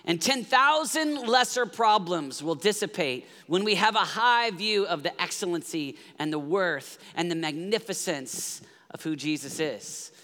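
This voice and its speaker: A man in his forties, a guest pastor, preaching a lively sermon in a church and calling for congregation responses. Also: high-pitched, unhurried. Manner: energetic, calls for congregation responses. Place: church hall. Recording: reverberant church hall.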